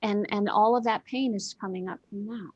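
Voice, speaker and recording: A woman speaks as a guest in a heartfelt spiritual conversation, earnest and gently insistent, circling back to repeat her phrases for weight. Her voice sits at an ordinary middle pitch, recorded dry and close with no room sound. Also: fairly even intonation, normal speed, no room sound, highs cut off. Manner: earnest, repeats phrases for emphasis, many "you know"s.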